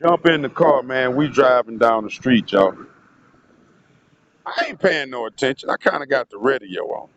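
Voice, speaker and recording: A man's voice: mid-range voice, lively intonation, moderate pace, a bit bright, muffled recording, a little hiss or hum. A man telling a rambling, profane story in a casual vlog monologue, often turning to speak to his audience. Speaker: vlogger.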